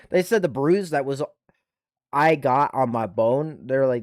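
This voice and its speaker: A man's voice: on the high side, expressive, fairly quick, a little mellow, dry recording, clean studio sound. A man hosting a livestream, telling a casual profane story and ranting animatedly, recorded on a desktop USB mic at home. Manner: swears constantly, restarts, rants animatedly. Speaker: livestream host and army veteran. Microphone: desktop USB microphone.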